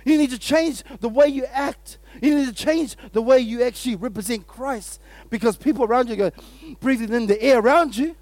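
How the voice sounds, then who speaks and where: High-voiced, fired-up man preaching. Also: a little fast, hardly any pauses, no room sound. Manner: energetic and exclamatory, often laughing, calls out to the audience. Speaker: pastor. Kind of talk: sermon.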